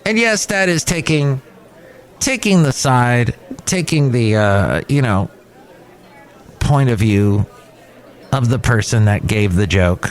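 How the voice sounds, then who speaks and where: A podcast host in his fifties chats casually at a cafe, meandering and restarting often. He speaks slowly in an expressive, mid-range voice and pauses a lot.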